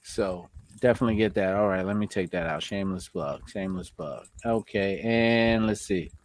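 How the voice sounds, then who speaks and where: A man with a New York accent hosting a casual live stream, giving shout-outs to viewers and laughing often. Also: low-pitched, moderate pace, a little hiss or hum. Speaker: host.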